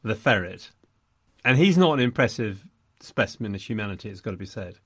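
A man with a lively, swooping voice trades wry, mock-outraged remarks in a casual film chat. His delivery is theatrical and emphatic, and the recording is close and dry with no room sound. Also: lowish voice, fairly quick, slightly rough, no room sound.

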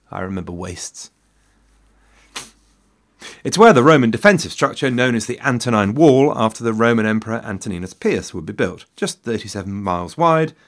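A man giving scripted history narration, with a wry, dry humor and self-deprecating asides. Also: mid-range voice. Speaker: history podcast host.

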